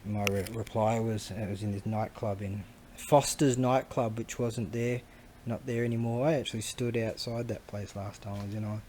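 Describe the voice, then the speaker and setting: A man's voice: lowish voice, fairly even intonation, moderate pace, mellow, a little hiss or hum. A middle-aged Australian man giving casual, wandering commentary full of slang as a vlogger. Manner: slangy, wandering, chuckling storyteller.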